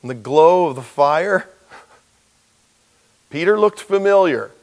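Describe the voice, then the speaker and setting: A man's voice: on the high side, slow pace. A middle-aged man preaching a sermon to his congregation, acting out the characters as he tells the story. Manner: animated, acts out the voices of the characters in the story. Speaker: pastor.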